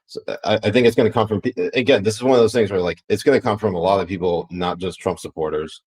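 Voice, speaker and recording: Deep-voiced, profane podcast host. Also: male voice, quick pace, darkish tone, poor audio. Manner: blunt and profane, rambling with restarts. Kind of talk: casual political podcast chat.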